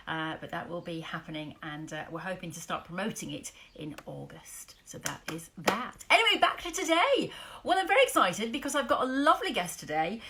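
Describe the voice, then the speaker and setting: A woman hosting a casual live sewing chat from her garden, chatty and upbeat, with sudden high exclamations. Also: a bit bright. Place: outdoors in a garden.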